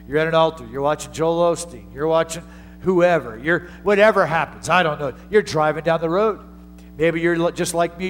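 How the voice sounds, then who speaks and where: A man preaching a sermon, moving between hushed storytelling and loud, rising exhortation. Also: on the high side, rough recording. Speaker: pastor.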